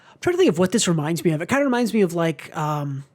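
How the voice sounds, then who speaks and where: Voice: medium pitch, sing-song, very fast, darkish tone. A podcast co-host in a casual book club discussion, talking in a rambling way with many fillers and the odd swear word.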